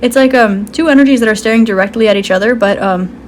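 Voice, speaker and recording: A woman with a somewhat high voice talks through an intuitive card reading. She rambles loosely, filling her speech with "um" and "like" and laughing easily as she goes. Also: fast talker, slight background noise. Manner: rambling, full of "um" and "like", giggly. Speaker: tarot card reader.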